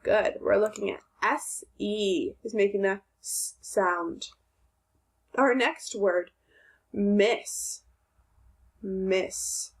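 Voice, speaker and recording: A woman teaching young children to read, working through a phonics lesson at a slow, unhurried pace. Her pitch sits in an ordinary middle range. She sounds words out clearly, asks questions and then answers them herself. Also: fairly even intonation. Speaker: second grade teacher.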